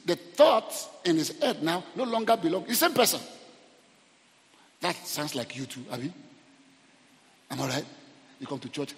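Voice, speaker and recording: A middle-aged Nigerian man preaching a humorous, animated sermon, often repeating his words. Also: high voice, normal speed, pauses often. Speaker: pastor. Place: church hall. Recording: long church reverb.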